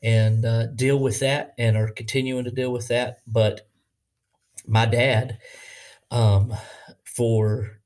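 Earnest Southern man, halting speech. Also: medium pitch, flat delivery, a little mellow. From Bible Belt, US. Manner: earnest, halting with many restarts. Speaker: pastor. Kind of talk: casual podcast conversation.

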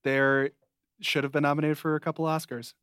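Young male podcast co-host, smooth clear voice, dry close sound, rambling recap. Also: on the high side, little pitch movement, brisk, a bit bright, no echo. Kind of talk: casual chat.

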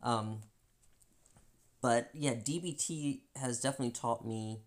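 A woman co-hosting a podcast, talking candidly about feelings in an animated way, often acting out voices and laughing. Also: very deep voice, a little slow. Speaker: podcast co-host. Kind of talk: candid personal chat.

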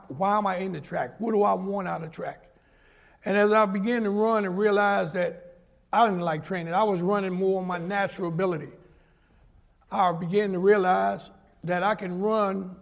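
A man's voice: high voice, creaky. A man, telling stories in an interview and acting out the people he quotes. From New York. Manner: animated storyteller who acts out the people he quotes. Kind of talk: storytelling interview.

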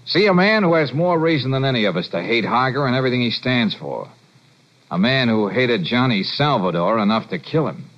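A wry calm private eye. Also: male voice, mid-range voice, brisk. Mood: brisk. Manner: wry, laid-back, reassuring. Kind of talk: 1940s radio acting. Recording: dull lo-fi old radio recording.

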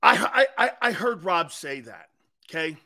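A man hosting a live sports talk show, ranting bluntly and combatively, with sudden shouted outbursts. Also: high voice, animated, a little slow, gravelly.

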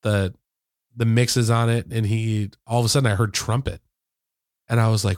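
Low-voiced man, fillers and restarts. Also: flat delivery, moderate pace, pauses often, no echo, studio quality. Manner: heartfelt, rambling with many fillers and restarts. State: close to tears. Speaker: podcast co-host and editor. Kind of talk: casual podcast conversation. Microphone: headphones and studio microphone.

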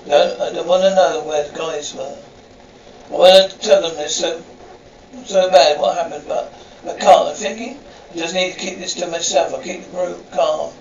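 A man talking as a reality game show contestant, telling the story in an excitable, rambling confessional. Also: on the high side, normal speed. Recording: roomy, distant, dull, faint hiss.

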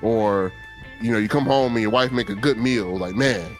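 A man's voice: on the low side, moderate pace, soft background music. A man co-hosting a talk show, laughing easily and explaining slang with everyday examples. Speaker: co-host. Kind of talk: casual chat.

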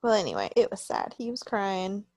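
A woman co-hosting a casual wrestling chat, calm and matter-of-fact. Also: mid-range voice, normal speed, dry recording.

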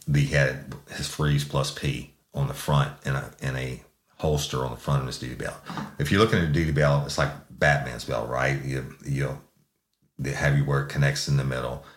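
A man with an extremely deep, low voice recounts a police story. He talks bluntly and matter-of-factly, with plenty of cursing. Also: reverberant. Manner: blunt, profane, matter-of-fact. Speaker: police sergeant. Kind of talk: casual storytelling.

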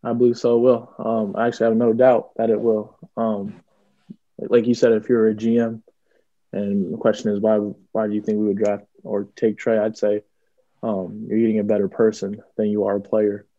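A man's voice: fairly low pitch, flat delivery, moderate pace, warm tone, no room sound. A young man, a college football player, answering interview questions casually, with lots of ums and restarts. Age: young adult. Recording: dull lo-fi audio.

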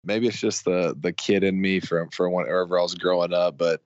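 A fairly low-voiced man co-hosting a sports podcast. He rambles, stops and restarts as he talks about his team. His voice comes through a dull, muffled, dry line. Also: no room sound. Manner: rambling, halting, many restarts, excitable fan. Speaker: podcast co-host. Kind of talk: casual sports talk.

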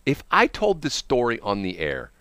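On his radio show, a man with a mid-range voice narrates a story at a moderate pace. His delivery is casual and animated, broken up by frequent laughter and impressions of what others said, and there's no echo.

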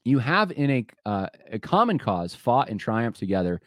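A man's voice: medium pitch, very animated, normal speed, a bit bright, dry recording, clean studio sound. A man hosting a solo podcast, thinking aloud in a conversational way, often restarting his sentences and speaking straight to his listeners. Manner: conversational, addresses listeners directly. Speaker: podcast host.

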